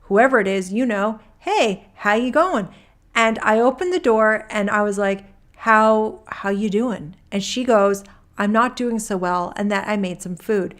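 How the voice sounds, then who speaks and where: Speaking unhurriedly in a natural, mid-range voice, a woman reads from a court transcript. She takes the part of a rambling male witness in a deposition, whose casual testimony keeps circling and starting over.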